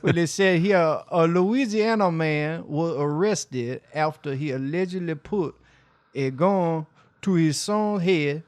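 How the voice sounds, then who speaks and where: A man's voice: fairly high pitch, takes it slowly, darkish tone, clear, resonant tone, no echo. A man co-hosting a casual podcast, making wry, crude remarks and reading news items. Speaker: podcast co-host.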